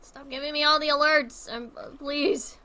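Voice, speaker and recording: A woman game streamer talking casually to her viewers while she plays. Her voice is bright and sits a little high, and she rambles, trails off mid-sentence and starts again. She swears in a relaxed, offhand way. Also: moderate pace. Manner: rambling and chatty, often trailing off and restarting. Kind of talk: casual chat while playing a zoo-building game.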